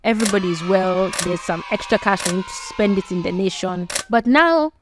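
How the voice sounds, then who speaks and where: A woman's voice: mid-range voice, moderate pace, background noise. A woman narrating a true-life story in a casual, conversational way, talking straight to listeners. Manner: animated, conversational, addresses listeners directly.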